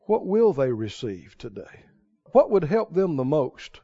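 A man's voice: a little high, sing-song, measured pace, dark tone. A man preaching a sermon, telling stories in a folksy way and building to emphatic exhortation. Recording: dull lo-fi sermon recording.

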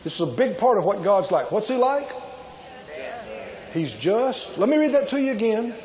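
A man's voice: sits high, big pitch swings, normal speed, highs cut off. A man preaching a sermon, emphatic and drawn out, repeating key words and asking his listeners rhetorical questions. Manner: asks the congregation rhetorical questions.

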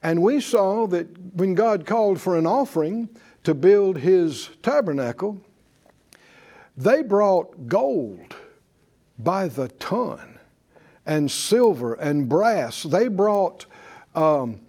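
A man's voice: high-pitched, sing-song, slow pace, warm tone. A man teaching a Bible class in sermon style, folksy, with chuckles and rhetorical questions. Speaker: preacher and teacher.

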